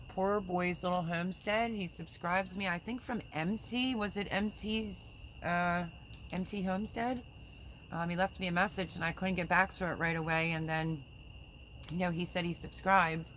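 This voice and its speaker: A woman with a slightly low voice hosts a relaxed livestream, chatting and reading viewer comments aloud. She sends prayers and well-wishes in a friendly, rambling way. Faint crickets chirp in the background. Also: a little hiss or hum. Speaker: livestream host. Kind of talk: casual live chat reading comments.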